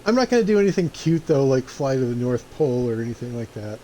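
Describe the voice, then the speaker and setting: A man's voice: medium pitch, very animated, quick pace, warm tone, slight background noise, poor audio. Laid-back man rambling over a game. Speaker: streamer playing a flight simulator. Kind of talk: casual gameplay commentary.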